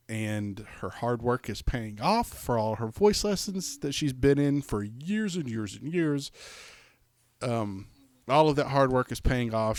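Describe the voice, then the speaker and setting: A man's voice: medium pitch, dry recording. Middle-aged man telling rambling stories. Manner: animated storytelling, rambling with restarts. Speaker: podcast co-host. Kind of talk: casual chat.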